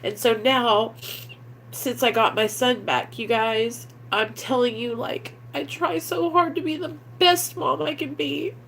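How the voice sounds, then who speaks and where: A woman's voice: fairly high pitch, measured pace, gravelly, fairly bright tone, slight background noise. A young woman, vlogging candidly in a rambling, earnest way that leans heavily on fillers. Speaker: recovery vlogger. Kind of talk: candid confessional vlog.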